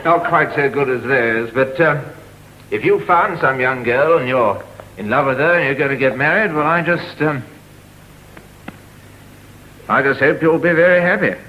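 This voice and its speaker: An actor playing a remote, phone-obsessed upper-class English father in a 1960s TV sketch, clipped and brisk. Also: medium pitch, dull audio, a little hiss or hum, close to an everyday voice. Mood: awkward. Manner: brisk, clipped, distracted businessman.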